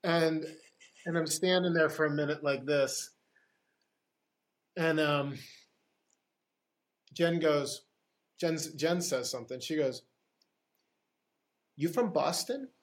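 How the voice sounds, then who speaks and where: A man's voice: fairly high pitch, steady tone, slow pace, pauses often. A middle-aged man from Pittsburgh, a guest actor on a podcast, telling anecdotes in a casual style, acting out dialogue and laughing often. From Pittsburgh, USA. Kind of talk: casual storytelling interview.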